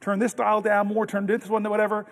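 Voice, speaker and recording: A man's voice: sits high, monotone, a little fast, gravelly. A senator in his fifties giving a long floor speech, telling anecdotes with many restarts and self-interruptions. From United States. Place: large legislative chamber. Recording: distant mic in a reverberant chamber.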